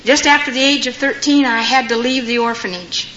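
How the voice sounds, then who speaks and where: In a dull lo-fi recording with faint noise, an older woman tells stories as part of her personal testimony to an audience, voicing the people she quotes. She speaks a little fast, with a bright, forceful voice that sits on the high side.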